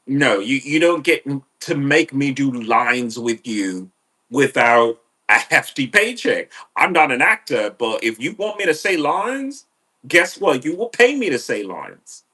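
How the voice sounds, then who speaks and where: A man ranting on his podcast in a profane, animated monologue. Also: medium pitch, unhurried, slightly rough. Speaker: podcast host.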